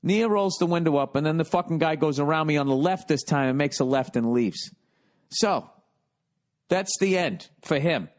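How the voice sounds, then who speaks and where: A man in his forties from the United States, hosting a podcast, telling comedic stories in a profane, animated rant. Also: a little high, moderate pace. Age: 40s. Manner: profane, animated, loud when retelling. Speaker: podcast host.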